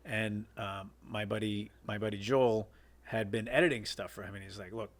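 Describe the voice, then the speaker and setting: A guest filmmaker with a lowish, steady voice at normal speed tells behind-the-scenes stories in a casual interview. His anecdotes ramble, with plenty of fillers and restarts.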